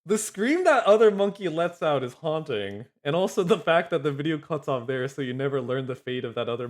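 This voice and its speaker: A man's voice: fairly high pitch, animated, fairly quick, few pauses. A man chatting casually on a livestream. He rambles, swears and laughs often. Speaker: streamer.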